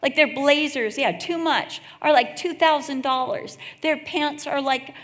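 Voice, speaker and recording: Woman doing her gushing, excited grown daughter. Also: high-pitched, measured pace, voice pushed up. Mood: thrilled. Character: excited adult daughter on the phone, thrilled bargain hunter. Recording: echoey hall.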